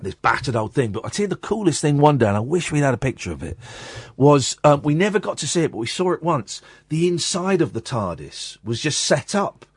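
A man, hosting a radio show and telling a rambling, animated story in a studio. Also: on the high side, fairly quick, husky, no echo. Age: 40s. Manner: animated, rambling, self-interrupting. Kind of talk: casual on-air storytelling. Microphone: studio microphone.

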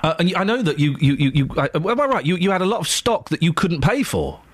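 Lively, jokey radio presenter man. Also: high-pitched, fast talker, slightly rough, no echo. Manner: jokey, playful, stammering restarts. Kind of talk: casual radio banter. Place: radio studio. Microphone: studio microphone.

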